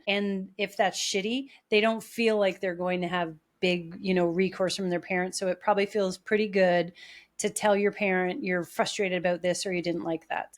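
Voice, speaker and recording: Woman co-host, mid-range voice; chatty, reflective and reassuring. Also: medium pitch. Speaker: podcast co-host. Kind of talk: casual chat.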